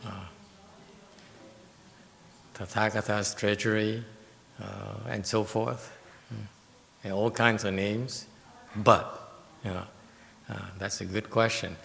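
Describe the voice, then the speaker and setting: A man giving a Buddhist Dharma lecture, explaining slowly and deliberately and taking questions from listeners. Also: fairly low pitch, little pitch movement, creaky, a bit bright, big-room sound, a little hiss or hum. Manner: slow, deliberate, explaining with emphasis. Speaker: Buddhist teacher. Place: meditation hall.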